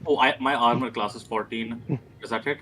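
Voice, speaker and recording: A man's voice: medium pitch, steady tone, moderate pace, bright, forceful tone, slight background noise. A man playing a tabletop game who talks in a flustered, stammering way. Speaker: player.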